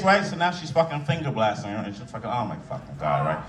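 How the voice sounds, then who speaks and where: A man doing profane stand-up storytelling, loud and animated, acting out voices as he tells an anecdote. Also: mid-range voice, fast, echoey room, distant mic, a little hiss or hum. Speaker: stand-up comedian.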